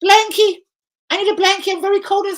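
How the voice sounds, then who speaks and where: Bloke putting on a squeaky baby voice, spoiled grown-up whining for a blanket, way up high. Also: male voice, fairly even intonation, fairly quick, fairly bright tone. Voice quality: squeaky, babyish whine. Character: whiny pampered grown man begging for a blanket.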